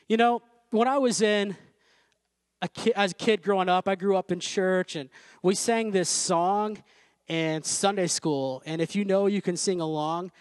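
A man's voice: sits high, a little slow, dry recording. A man preaching a sermon in a conversational way, with asides and light jokes, speaking to a room. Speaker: pastor. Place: church room.

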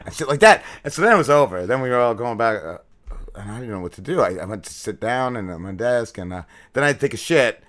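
Profane, rambling man with a bright voice. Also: mid-range voice, lively intonation, quick pace. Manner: rambling, profane storytelling with lots of fillers. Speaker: podcast co-host. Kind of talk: casual chat.

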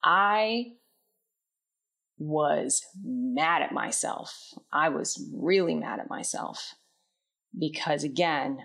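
Woman, low voice, unhurried, candid and introspective, drops soft at phrase ends. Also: creaky, breathy edge. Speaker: vlogger. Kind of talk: personal reflective storytelling.

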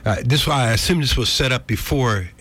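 A man chatting casually on a radio show, halting and full of fillers. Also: mid-range voice, fairly bright tone, slightly rough.

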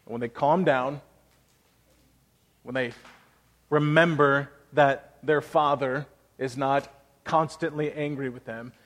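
A man's voice: medium pitch, fairly even intonation, slow, long pauses, a bit bright, in a large hall. A man in his thirties preaching a sermon as pastor, earnest and conversational, telling personal stories.

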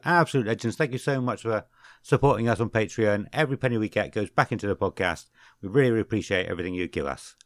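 A man co-hosting a podcast, joking around, stumbling over and correcting his words, reading names in a slow, drawn-out way. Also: medium pitch, no echo, clean studio sound. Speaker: podcast co-host. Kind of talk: casual podcast chat.

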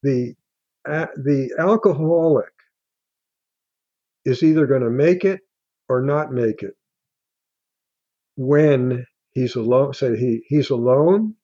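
Older man, halting and mellow. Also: mid-range voice, dry recording, muffled recording. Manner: halting, with many restarts and fillers. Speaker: guest author. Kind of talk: casual interview talk.

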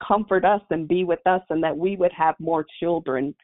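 A woman's voice: lowish voice, normal speed. A woman sharing a personal faith testimony, telling her story in an earnest, heartfelt way. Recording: tinny phone-like line.

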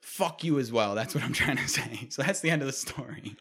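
A young man telling a comedic story and ranting, profane and animated, often laughing. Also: mid-range voice, fairly quick, breathy edge.

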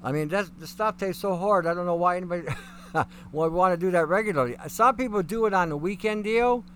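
A middle-aged man hosts a live stream, answering chat questions in a rambling, folksy way. His voice sits a little higher than most men's. A faint hiss stays under the talk. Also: brisk, fairly bright tone.

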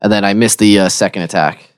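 A man's voice: on the low side, fairly quick, smooth, no echo. A man playing a tabletop game in casual chat, adding up his damage rolls aloud. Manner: relaxed, counts damage aloud. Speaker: player.

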